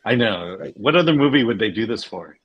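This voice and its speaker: A man's voice: on the low side, expressive, a little fast, slightly rough, muffled recording. A man on a live watch-party stream, chatting casually and describing what is on screen. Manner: affable, agreeing, relays what is on screen. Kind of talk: casual group chat.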